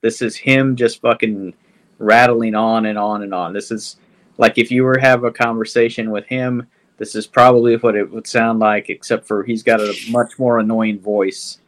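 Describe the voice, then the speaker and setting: A man's voice: lowish voice, level tone, normal speed, a bit bright. Blunt, swearing man co-hosting a podcast. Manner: blunt, swearing, hesitant with fillers. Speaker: podcast co-host. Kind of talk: casual film chat.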